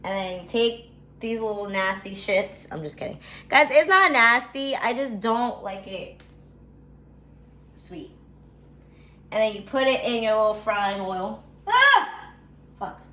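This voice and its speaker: A young woman records a casual vlog while cooking at home, talking to viewers in a fairly bright, mid-range voice. She's a little slow and pauses at length, complaining dramatically and swearing as she goes. Her kitchen sounds echoey, with faint background noise.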